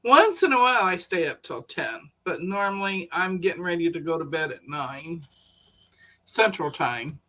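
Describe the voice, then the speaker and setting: A woman's voice: on the low side, lively intonation, moderate pace, bright, forceful tone, low-quality recording. A woman hosting a casual live stream, chatting and telling a personal story, laughing often. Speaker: livestream host.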